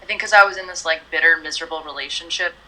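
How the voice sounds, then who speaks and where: A woman singer being interviewed, talking in a relaxed, chatty way, often saying "you know" and "like". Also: deep voice, very fast, rough recording. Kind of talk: casual interview chat.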